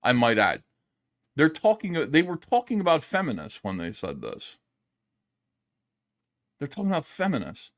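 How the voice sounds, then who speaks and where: A man streaming his reactions to videos, yelling and swearing in an exasperated rant from home. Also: fairly high pitch, huge pitch swings, normal speed, long pauses. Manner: loud, exasperated, profane yelling. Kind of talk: angry commentary rant. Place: home, downstairs.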